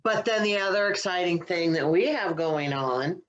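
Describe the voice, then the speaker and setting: A woman's voice: fairly low pitch, expressive, moderate pace. Bubbly woman podcast cohost, rambles and trails off, kinda lo-fi sound. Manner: chatty and upbeat, trailing off with "so". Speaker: podcast co-host, comedian. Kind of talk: casual chat.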